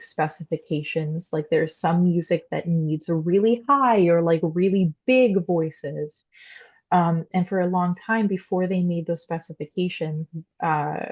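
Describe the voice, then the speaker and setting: A woman's voice: fairly low pitch, dull audio. Young woman explaining singing, lots of fillers. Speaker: podcast guest, classically trained soprano. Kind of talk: casual interview chat.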